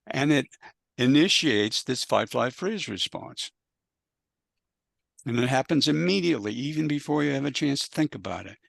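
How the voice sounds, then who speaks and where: A man with a gravelly, creaky voice, recorded dry and close with no room sound. He talks as a panel speaker, laying out an explanation one step at a time in a measured, patient way. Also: medium pitch, a bit bright, no room sound.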